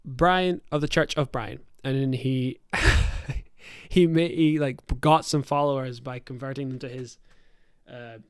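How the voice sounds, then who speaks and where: A young man hosts a podcast in a medium-pitched, steady, smooth voice at a slow pace, recorded with clean studio sound and no room sound. As game master, he rambles through a tabletop game story, swearing freely and often stopping to correct himself in casual chat.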